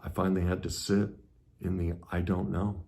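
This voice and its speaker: A middle-aged man speaking as a self-help coach in an earnest, emphatic monologue that swings between intense and soft. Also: deep voice, flat delivery, normal speed, gravelly. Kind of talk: motivational monologue.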